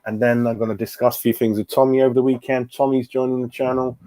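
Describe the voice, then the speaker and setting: Man, forties, mellow tone, casual fan chat, calls everyone mate, webcam-style mic. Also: mid-range voice, level tone, fast talker. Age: 40s. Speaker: fan channel host. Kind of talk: casual live-stream chat.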